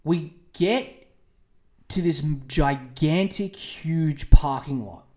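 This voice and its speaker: A crude, animated man in his twenties tells a long story on a podcast. His voice sits a little high for a man. The room rings with a roomy echo. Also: drawn-out words. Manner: crude, animated, acts out quotes in raised voices. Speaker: podcast host. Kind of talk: casual storytelling monologue.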